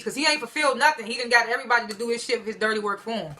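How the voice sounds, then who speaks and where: A woman's voice: a little high, very fast, sharp tone, slight background noise. A woman casually recapping a TV episode in a chatty, slangy way and laughing between lines. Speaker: TV episode reviewer.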